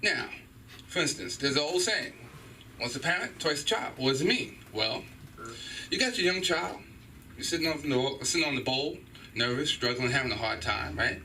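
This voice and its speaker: A middle-aged man doing a stand-up set in a small comedy club, animated and profane as he acts out loud voices. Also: medium pitch, moderate pace, far from the mic, a little hiss or hum, low-quality recording. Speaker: stand-up comedian at an open mic.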